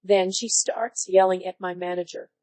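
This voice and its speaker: A woman's text-to-speech voice reading online stories aloud in an even, synthetic-sounding delivery. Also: on the low side, normal speed, no room sound, low-quality recording. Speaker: story narrator.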